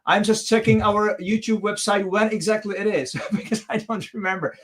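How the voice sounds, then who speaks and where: A man's voice: high voice, steady tone, normal speed, fairly bright tone. A man whose first language is Czech, talking on an online panel in a rambling, hesitant way. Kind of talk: casual panel chat.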